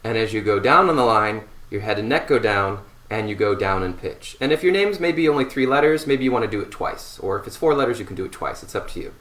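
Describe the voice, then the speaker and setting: A man teaching a seated voice warmup, giving slow, calm instructions between long sustained hums. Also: on the low side. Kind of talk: guided voice warmup. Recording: roomy echo.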